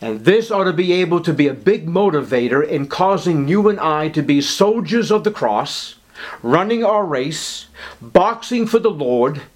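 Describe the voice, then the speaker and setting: Fervent preacher man, booming then hushed. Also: expressive. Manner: swings from low murmurs to high, loud emphatic declarations; drawn-out words for emphasis. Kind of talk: evangelical sermon.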